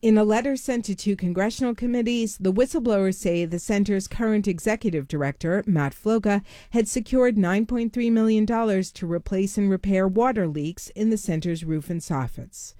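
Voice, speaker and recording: Warm-toned woman reporting news, dry. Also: mid-range voice, dry recording. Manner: measured, factual reporting. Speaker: news correspondent.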